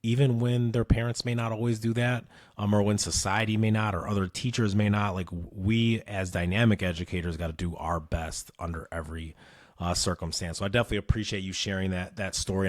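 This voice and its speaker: A man in his thirties hosts an interview podcast in a low, easygoing voice. He keeps things conversational and laughs easily, and the recording is close and dry with no room sound. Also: dry recording. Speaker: podcast host. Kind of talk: casual interview chat.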